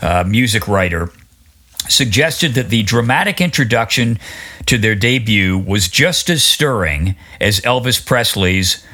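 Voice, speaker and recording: Low-voiced man hosting a podcast. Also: a little slow. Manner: relaxed, reads quotes aloud, asks guests questions. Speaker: podcast host. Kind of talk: casual music podcast chat.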